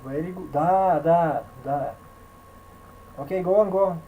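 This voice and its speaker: A man with a Russian accent teaching piano in a video call, speaking halting English mixed with Russian fillers and scatting melodies. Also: fairly high pitch, phone-quality sound, a little hiss or hum. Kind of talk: online piano lesson.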